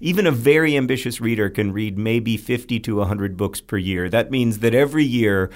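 A man's voice: fairly low pitch, a little fast. Rambling, self-correcting male podcast host. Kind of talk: casual chat.

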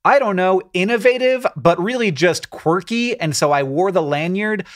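Fairly high-voiced American man explaining. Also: moderate pace, no echo, studio quality. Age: 30s. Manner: animated, explaining with many fillers. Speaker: podcast co-host. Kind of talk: casual chat.

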